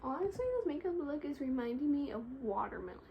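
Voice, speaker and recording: A young woman with a notably high voice gushes in casual chat as she does a friend's makeup. She opens line after line with "honestly", over a faint bed of room noise. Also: very animated, fast, creaky, mellow, highs cut off. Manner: keeps starting sentences with "honestly", gushing. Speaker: vlogger doing a friend's makeup.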